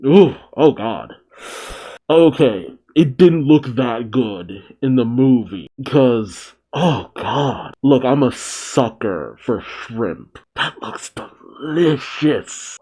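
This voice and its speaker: A man hosting a manga reaction, reading the story aloud and making relaxed, laughing asides. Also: medium pitch, extremely slow, husky. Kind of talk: casual reading and commentary.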